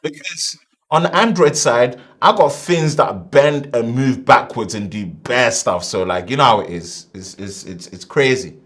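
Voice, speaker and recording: A man hosting a casual tech live stream, animated and slangy, swinging between loud bursts and quiet asides. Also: mid-range voice, unhurried.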